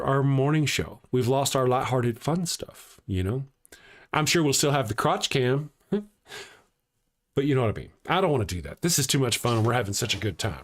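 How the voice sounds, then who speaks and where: A man hosting a casual live morning show, reading out his chat and rambling between loud mocking rants and quiet, heartfelt thanks. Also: medium pitch.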